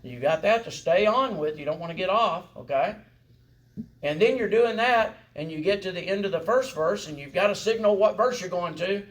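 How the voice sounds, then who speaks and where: A man with a high, expressive voice teaches a congregational singing lesson at normal speed. Folksy and encouraging, he leads the song-leading class while often checking in with "right?" and "okay?".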